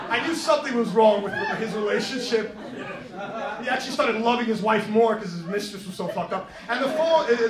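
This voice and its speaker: A man doing stand-up, telling an animated story and acting out the scenes in a New York comedy club. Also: high voice. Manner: animated, quick asides, acts out scenes. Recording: echoey room, mic far off. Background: audience laughter.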